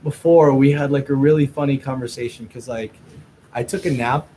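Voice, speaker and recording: A man guest telling a lively, rambling anecdote in a casual chat, full of fillers. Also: mid-range voice, moderate pace, slight background noise, poor audio.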